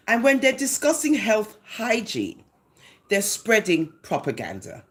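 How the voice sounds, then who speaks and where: A woman's voice: mid-range voice, huge pitch swings, slow pace. A woman with a Jamaican accent giving a sarcastic, mocking commentary rant on her vlog. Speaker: social media commentator.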